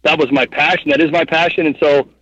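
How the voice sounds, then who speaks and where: A man in his thirties rambles through a story as an interview guest, packing his talk with fillers and tangents. His voice sits a touch high for a man. The sound is dry and a little dull. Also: fast talker, slightly rough, dry recording. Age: 30s. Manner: rambling, animated, heavy with fillers like "like" and "you know what I mean". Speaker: guest, hunting guide and cameraman.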